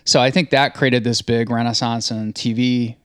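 A man's voice: mid-range voice, level tone, moderate pace, fairly bright tone, smooth, dry recording. Middle-aged guy hosting a chill roundtable, talky, dry close sound. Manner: chatty, leads the discussion. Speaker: host. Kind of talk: casual panel chat.

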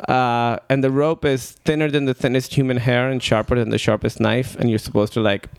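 A man's voice: mid-range voice, flat delivery, fairly quick, clean tone, dry recording. A man from Pakistan, a comedian guest in a casual podcast chat, telling stories in a wry, laid-back way.

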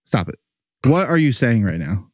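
A man co-hosts a casual sports podcast, and his voice leaps up and down as he teases his partner and laughs. He is a little higher than most men and swears freely. The sound is dry and close, from a computer mic on an online call. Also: big pitch swings, normal speed, dry recording. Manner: teasing, laughs often, profane. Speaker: podcast co-host.

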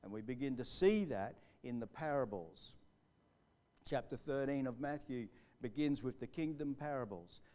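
A man preaching a sermon live in church, building to fervent emphasis and then dropping to a hushed storytelling voice. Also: medium pitch, animated, moderate pace. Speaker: pastor. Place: church hall, recorded live.

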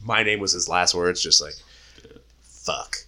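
A man in his twenties casually retelling a story in a profane, animated way, with frequent laughs. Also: low-pitched, unhurried. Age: 20s. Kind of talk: casual book discussion.

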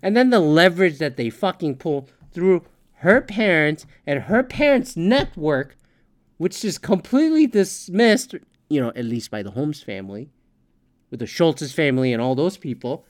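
A woman's voice: sits low, lively intonation, moderate pace. A woman hosting a solo podcast, ranting angrily and swearing constantly, with sarcastic rhetorical questions. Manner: angry, profane, swearing constantly. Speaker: podcast host.

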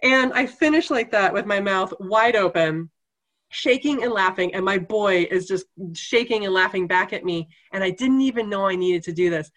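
A woman's voice: medium pitch, expressive, normal speed, a bit bright. A woman guest telling a funny story in casual conversation, laughing often as she talks.

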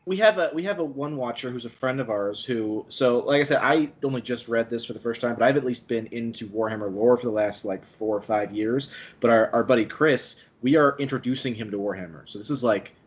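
Male host, average pitch, easy chatty delivery with stumbles. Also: brisk, hardly any pauses, low-quality recording. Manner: conversational, hesitant restarts. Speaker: podcast host. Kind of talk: casual interview chat.

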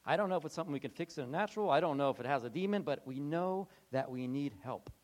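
Male pastor, casual sermon; higher voice with a lively, swooping delivery; talks off the cuff and acts out quotes. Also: fast. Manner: conversational, acts out quoted voices, many restarts.

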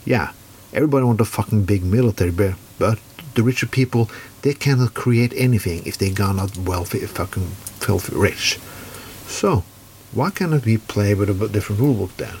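Man, Norwegian accent, furious rant, heavy swearing, blunt, low-pitched voice. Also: a little fast, darkish tone, a little hiss or hum. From Norway. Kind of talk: angry political rant.

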